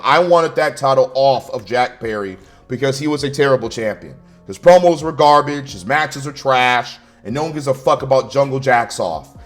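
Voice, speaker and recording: A man's voice: fairly high pitch, fairly bright tone. Swearing, fired-up male wrestling reviewer. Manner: angry, sarcastic, frequent swearing. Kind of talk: profane ranting review.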